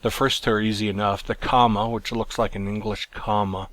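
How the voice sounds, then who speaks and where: A man teaching a recorded lesson, explaining in a plain, measured way with some fillers and restarts. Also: fairly low pitch, flat delivery, a bit bright. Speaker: Greek teacher.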